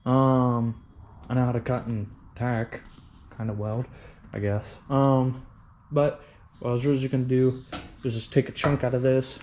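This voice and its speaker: Young guy vlogging from his workshop, dark mellow tone, loose and rambling, swears a lot, pokes fun at himself. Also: medium pitch, little pitch movement, normal speed, lo-fi sound, a little hiss or hum. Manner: rambling, profane, self-deprecating. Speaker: hobby vehicle restorer. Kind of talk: casual workshop vlog.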